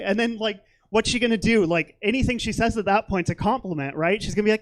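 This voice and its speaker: A man's voice: high-pitched, brisk. A young man doing a stand-up comedy set on a theater stage, rambling and self-deprecating, with lots of fillers.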